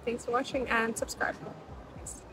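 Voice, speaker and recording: A young woman talks into a handheld phone on a hot street and in a restaurant. She sounds chatty and emotional, with lots of fillers, and her voice sits high. Clear background noise runs under everything. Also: little pitch movement, normal speed. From South Africa. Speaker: vlogger. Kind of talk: casual vlog chat to camera. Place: outdoors on a hot city street, then a restaurant.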